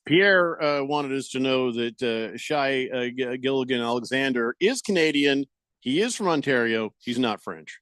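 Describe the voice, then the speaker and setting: A man's voice: mid-range voice, animated, normal speed, fairly bright tone, no echo. A man hosting a sports radio show, asking the panel questions in a jokey, teasing way. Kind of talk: casual sports talk.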